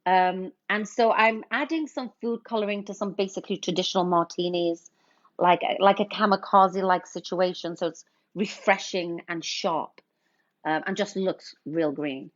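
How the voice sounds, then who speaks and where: A woman's voice: on the low side, steady tone, moderate pace. A woman hosting a casual cocktail livestream, chatting as she mixes drinks and greeting viewers with pet names like honey. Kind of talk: casual livestream chat while mixing drinks. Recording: slightly dull lo-fi stream audio.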